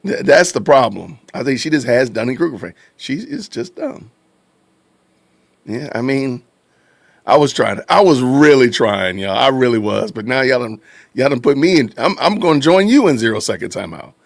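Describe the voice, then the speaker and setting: Animated man hosting a live stream. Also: mid-range voice, moderate pace, vocal fry, dry recording. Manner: animated, reacting to chat, laughing, repeating phrases. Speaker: podcast host. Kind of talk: casual live-stream commentary.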